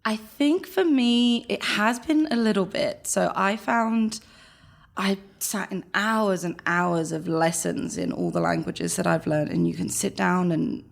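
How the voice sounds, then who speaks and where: Gravelly London woman chatting. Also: mid-range voice. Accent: London English. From London, England. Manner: animated, laughs often, rapid bursts. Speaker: guest, chamber engagement director. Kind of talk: casual interview chat.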